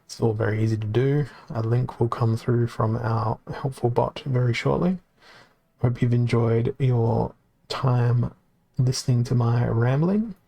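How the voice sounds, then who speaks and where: Wry gravelly-voiced male game streamer. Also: mid-range voice, unhurried, dark tone. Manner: wry, self-deprecating, thinking aloud. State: losing his voice. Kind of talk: casual live-stream commentary.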